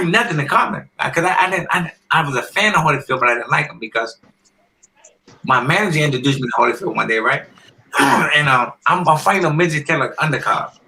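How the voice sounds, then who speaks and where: Gravelly, bright-voiced man telling stories. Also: on the high side, fairly quick, slight background noise, poor audio. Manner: animated storyteller who acts out quoted voices; frequently clears his throat. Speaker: former boxer, podcast guest. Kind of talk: casual storytelling interview.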